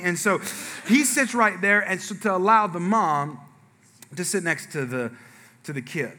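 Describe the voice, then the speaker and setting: A man's voice: sits high, normal speed, long reverb tail. A man preaching as a pastor, telling a humorous personal story to his congregation, acting out what people said and asking the audience questions. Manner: animated storyteller, acts out quotes, asks audience.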